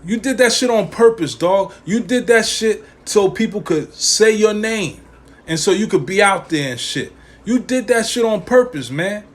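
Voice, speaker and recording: This podcast host delivers an opinionated rant at a moderate pace, his male voice sitting high and sounding animated. His talk is profane and slangy, and he repeats lines to drive the point in.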